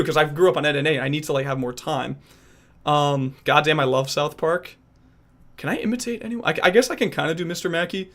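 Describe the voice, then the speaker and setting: A man's voice: fairly high pitch, fast, fairly bright tone. A man streaming who chats casually and rambles while trying out voice impressions. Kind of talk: casual chat.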